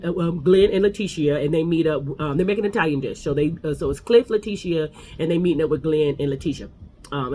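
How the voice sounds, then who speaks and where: Fast-talking high-voiced gossipy man. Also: a little hiss or hum. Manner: animated, gossipy, acts out quotes. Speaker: recap host. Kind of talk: casual reality TV recap.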